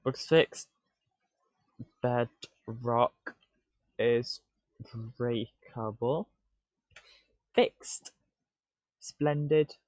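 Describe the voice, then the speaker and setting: A man's voice: mid-range voice, a little slow, long pauses, dry recording. Man muttering to himself while streaming. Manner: muttering to himself, excitable, stammering restarts. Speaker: live-coding streamer. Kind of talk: casual live-stream self-talk. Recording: dull lo-fi stream audio, dry.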